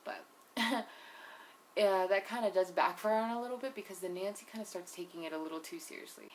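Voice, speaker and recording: A woman's voice: medium pitch, fairly quick, slight background noise. Chatty, foul-mouthed young woman recapping. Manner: chatty and profane, full of "like" and "you know"; blunt, opinionated asides. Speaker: TV episode reviewer. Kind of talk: casual recap commentary.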